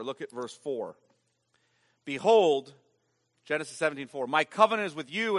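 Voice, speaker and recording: A man preaching a sermon as pastor, emphatic, swinging from loud stressed lines to hushed ones. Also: high-pitched, long reverb tail.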